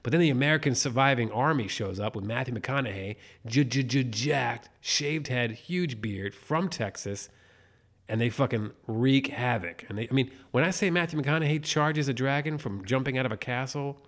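A podcast co-host with a medium-pitched, fairly bright voice talks at a moderate pace. He chats casually and animatedly about movies, laughing and swearing often.

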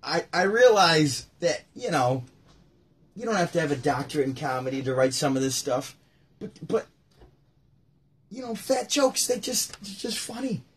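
A man casually commenting on comedy clips, laughing often and repeating the jokes excitedly. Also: fairly high pitch, normal speed, slightly rough. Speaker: host reacting to comedy.

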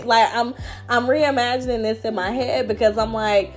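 A young woman, hosting a podcast and telling a story in slangy, animated casual chat over a phone app. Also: a little high, normal speed, faint music behind. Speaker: podcast host.

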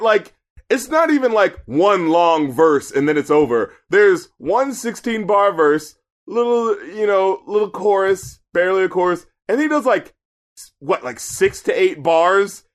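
Laughing animated man in casual chat. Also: sits high, normal speed. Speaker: podcast co-host reviewing an album.

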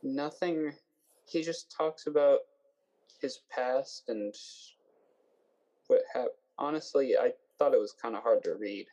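A young man discussing a book in casual conversation, hesitant and soft-spoken, often trailing off. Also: medium pitch, slow pace, highs cut off.

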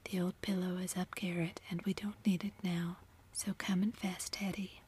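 A woman's voice: fairly low pitch, little pitch movement, normal speed, a little mellow, breathy edge. Jo, a woman whispering as a spirited young writer. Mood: teasing. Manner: whispered, exclaiming. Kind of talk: whispered role-play.

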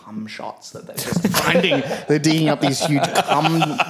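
A man's voice: on the high side, lively intonation, unhurried, over a noisy crowd. A young man bantering crudely on a podcast. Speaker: podcast co-host. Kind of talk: casual chat.

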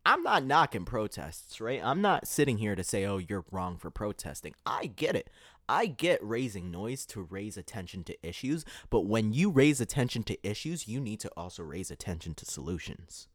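A man's voice: on the low side, big pitch swings, normal speed, fairly bright tone, no echo, studio quality. A man hosting an opinion podcast, talking emphatically and tossing out rhetorical "right?" questions. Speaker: podcast host. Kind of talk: opinion commentary monologue.

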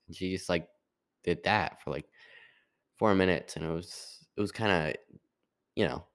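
A man's voice: sits low, moderate pace, pauses often, a bit bright. A young man talking in a casual, rambling monologue, full of restarts and fillers. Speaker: podcast host.

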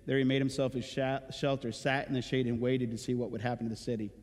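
A man's voice: mid-range voice, level tone, fast talker. A male pastor giving a sermon in a church, talking to his listeners casually and asking rhetorical questions. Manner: conversational preaching with rhetorical questions. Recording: reverberant church hall with loud music.

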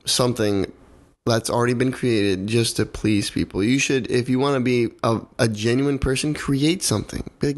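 A man's voice: medium pitch, brisk. A young man in a casual podcast chat, talking heatedly, swearing and repeating himself for emphasis.

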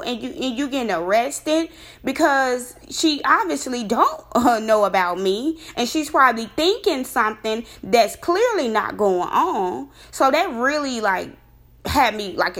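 A woman casually telling a personal story, rambling and animated, her voice jumping high when she recounts her disbelief. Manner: rambling with many fillers and restarts.

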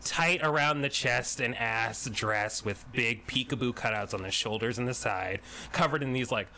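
A man narrating a tabletop game as game master, animated and rambling. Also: mid-range voice, normal speed, creaky, a little hiss or hum.

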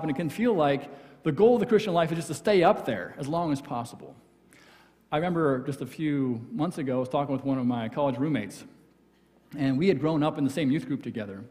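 A man preaching a conversational sermon as pastor, acting out quoted voices and dropping very soft for emphasis. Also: on the high side. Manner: conversational, acts out quoted voices, drops to near whisper for emphasis. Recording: church hall with long reverb.

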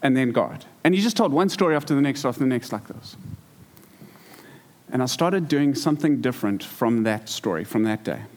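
A male pastor preaching to his congregation. He tells his story in an animated way, often stumbling and repeating words, and his voice sits in a middle pitch. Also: fairly quick, slight background noise. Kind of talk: sermon. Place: church hall.

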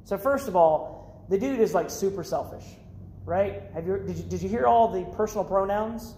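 Male youth preacher, very high voice, animated and casual, echoey church hall. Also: normal speed, a little hiss or hum. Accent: American. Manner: animated, acts out the characters' lines, casual slang. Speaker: youth pastor. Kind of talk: sermon.

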